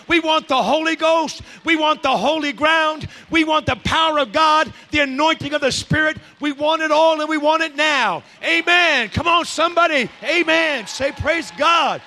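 A man preaching a sermon as pastor, swinging between shouted passion and hushed intensity. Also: very high-pitched, normal speed, few pauses, big-room sound.

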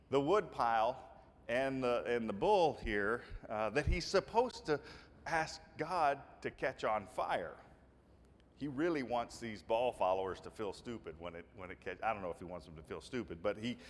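Folksy preacher man in a reverberant hall. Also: medium pitch. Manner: retells scripture in casual, folksy words with many restarts. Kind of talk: sermon.

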